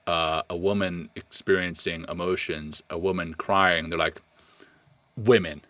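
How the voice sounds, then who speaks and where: A man with a very low, deep voice talks earnestly on a podcast, stumbling and restarting as his feelings push him on. The sound is dry and close, with no room around it. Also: level tone, sharp tone, no room sound. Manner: earnest, passionate, halting with repeated restarts. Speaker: podcast co-host. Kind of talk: casual podcast discussion.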